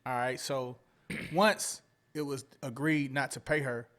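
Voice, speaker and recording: A man's voice: medium pitch, steady tone, unhurried, fairly bright tone. A man from Atlanta, co-hosting a casual podcast and recounting news with many hesitant "um"s. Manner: recounts a story with many "um"s and "I guess"es. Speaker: podcast co-host.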